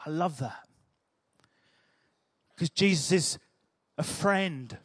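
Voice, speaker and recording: A man's voice: a little high, animated, slow pace, a bit bright, husky, no room sound, clean studio sound. A man preaching a sermon in a chatty, humorous storytelling way.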